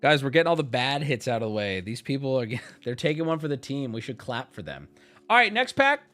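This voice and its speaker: A man streaming himself opening card packs, chatting casually and joking, and yelling out loud whenever a rare card turns up. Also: mid-range voice, big pitch swings, brisk. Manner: joking, shouts at rare cards. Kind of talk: casual live-stream chat.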